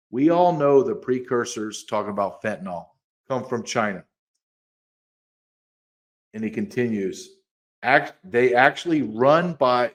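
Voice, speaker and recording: A man co-hosting a podcast in casual chat, animated and quick to get excited, sometimes reading quotes aloud. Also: mid-range voice. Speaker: podcast co-host.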